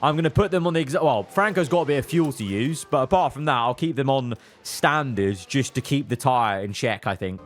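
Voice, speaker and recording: A man giving casual, excitable commentary while playing a racing management game, exclaiming at events and muttering through his plans. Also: medium pitch, brisk, hardly any pauses, faint music behind. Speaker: gaming YouTuber.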